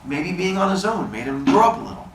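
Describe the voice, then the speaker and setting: An earnest young woman fretting over her little brother, as a male reader puts her on. Her voice sits higher than his plain reading voice. It is heard in a roomy space with a faint hiss. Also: very animated, quick pace. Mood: worried. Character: young woman, protective big sister. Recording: roomy room with faint noise.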